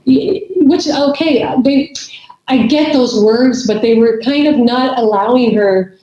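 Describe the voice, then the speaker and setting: Middle-aged woman guest, rambly, highish mellow voice, roomy dull audio. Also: slow pace. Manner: rambling, many restarts and fillers. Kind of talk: casual conversation. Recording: echoey, dull remote audio.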